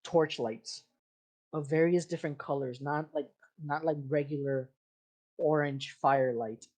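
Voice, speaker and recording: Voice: mid-range voice, fairly even intonation, measured pace, a little mellow. A game master narrating a tabletop scene in descriptive, improvised fashion, with frequent fillers and restarts.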